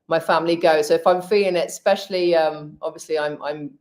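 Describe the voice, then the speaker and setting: A woman's voice: low voice, steady tone, a little fast, a little mellow. A middle-aged woman, a hypnotherapist and healer, chatting candidly on a live stream and giving practical tips. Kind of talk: casual live-stream chat.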